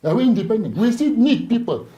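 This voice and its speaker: A man's voice: high-pitched, sing-song, fast, mellow, breathy edge, muffled recording. A man, a Catholic priest talking on a live studio show, emphatic, repeating words and asking rhetorical questions. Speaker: Catholic priest and book author, studio guest.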